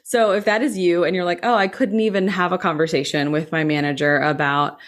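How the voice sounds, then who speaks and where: American woman, 30s, low-ish voice, candid storyteller, quick bursts. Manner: candid, animated, fast bursts with filler likes. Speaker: physician assistant. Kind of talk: personal storytelling.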